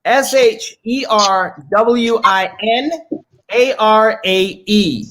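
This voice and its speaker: A man with a fairly high voice chats over a video call as a comedian guest. He tells animated, profane stories and slips into put-on voices for the people in them. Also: very slow, poor audio. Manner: profane, joking. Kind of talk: casual comedic chat.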